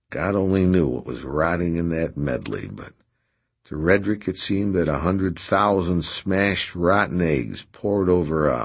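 Deep husky man narrating an audiobook. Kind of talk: scripted narration.

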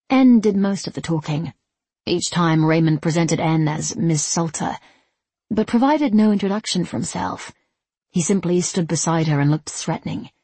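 A woman narrates an audiobook in an even, measured way. Her voice is low and husky. It is recorded close and dry, with no room sound. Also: dry recording.

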